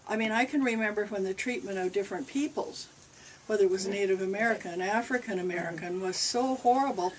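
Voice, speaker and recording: A woman's voice: medium pitch, fairly quick, few pauses. Older woman rambling through a spiritual Q&A. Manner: rambling, conversational, relays a spirit's answers. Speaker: channeling reverend. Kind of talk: spiritual Q&A talk to a group. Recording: distant mic with faint noise.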